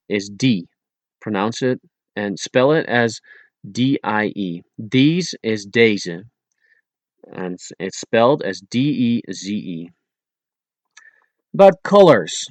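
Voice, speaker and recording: A man narrating a language-lesson audiobook in a slow, deliberate way, spelling words out letter by letter. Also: medium pitch, no room sound.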